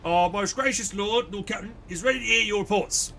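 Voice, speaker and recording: Ceremonious herald, loud and raised in pitch, slow grand delivery, streamer doing the voice. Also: male voice, creaky, a little hiss or hum, exaggerated voice.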